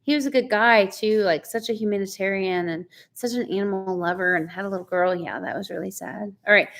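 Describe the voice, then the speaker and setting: A woman's voice: mid-range voice, fairly quick, creaky, a bit bright, a little hiss or hum. A woman, chatting casually on a live stream, greeting viewers by name and laughing often. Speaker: co-host of a live chat stream.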